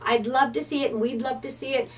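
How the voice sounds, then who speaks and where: Bubbly woman craft-tutorial host, high voice, mic set a little back from her. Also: fast, recorded from a distance. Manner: bubbly and excitable, gushing. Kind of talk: stamping tutorial demonstration. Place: craft studio at counter height.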